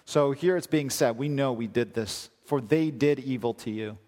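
A man's voice: mid-range voice, moderate pace, darkish tone. A male pastor preaching a sermon, reading scripture aloud and asking emphatic rhetorical questions. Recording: long hall reverb.

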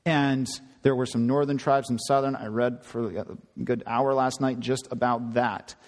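A man preaching a sermon, retelling a scripture story with lively acted-out voices. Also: mid-range voice, a little slow, in a large hall. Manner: animated storytelling, acting out quoted voices.

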